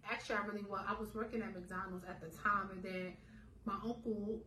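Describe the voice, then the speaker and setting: A young adult woman telling her own story in a casual, animated way, full of fillers and acted-out dialogue. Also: medium pitch, brisk, noisy background. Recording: roomy echo, faint ambience.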